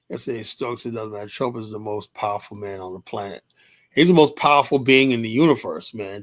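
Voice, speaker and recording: A man's voice: medium pitch, a bit bright. A man hosting a casual live stream, talking off the cuff in a loose, rambling way. He addresses viewers by name and breaks into laughter as he goes. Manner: rambling, laughs often, talks to chat by name.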